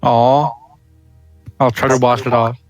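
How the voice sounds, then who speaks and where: Casting: male player, relaxed plain talk, dry mic, light music underneath. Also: mid-range voice, takes it slowly, dry recording. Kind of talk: tabletop game play.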